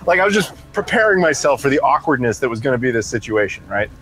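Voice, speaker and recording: Fast-talking man telling a story. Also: a little high. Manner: animated, acts out others' voices. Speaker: podcast co-host. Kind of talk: casual storytelling chat.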